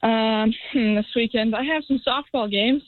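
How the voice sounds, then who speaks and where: A woman's voice: a little high, normal speed, no echo. Young woman radio quiz contestant, hesitant, slightly muffled dry sound. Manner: hesitant with ums.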